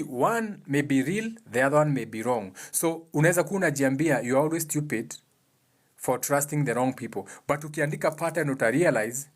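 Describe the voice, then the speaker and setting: A man with a Kenyan accent giving a casual motivational talk about emotions. He explains things earnestly and repeats his key points for emphasis. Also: a little high. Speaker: speaker giving advice on emotions.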